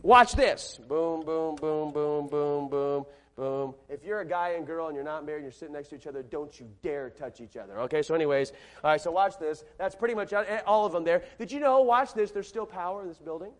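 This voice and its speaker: A man preaching a sermon in a large church, emphatic, repeating his phrases and swinging between loud and soft delivery. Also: a little high, lively intonation, fast, few pauses. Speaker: pastor.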